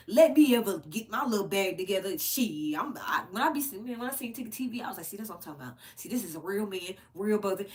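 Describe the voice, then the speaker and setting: Blunt, profane woman ranting to camera. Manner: blunt, profane, animated, swings high when worked up. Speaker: commentary channel host. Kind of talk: unscripted rant to camera.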